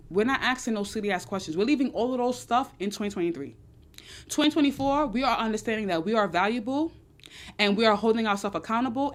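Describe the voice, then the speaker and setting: Young woman, dating advice host, emphatic, repeats herself, a bit loud and excited, middle pitch. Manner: emphatic, preachy, repeats her points; says she talks a little loud and excited. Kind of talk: casual chat answering audience questions.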